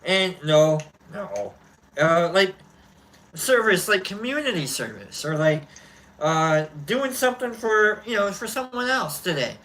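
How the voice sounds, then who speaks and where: Male host, casual chat; high, bright voice, unhurried, sighs between loose remarks. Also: big pitch swings, poor audio.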